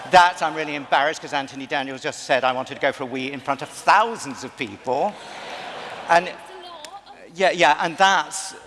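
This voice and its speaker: A man's voice: on the high side, normal speed, fairly bright tone. Playful man on a reverberant convention stage. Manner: playful, theatrical, laughing often. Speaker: panel guest coaching audience volunteers. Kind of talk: live stage banter. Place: large convention hall stage with a live audience. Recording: long hall reverb, crowd and noise.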